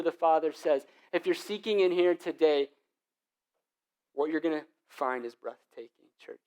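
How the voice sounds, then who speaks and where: A young lead pastor gives a sermon from the pulpit in a clear, resonant voice pitched a bit higher than most men's. At a moderate pace, he tells animated stories full of casual slang, moving between loud bursts and quiet, hushed moments.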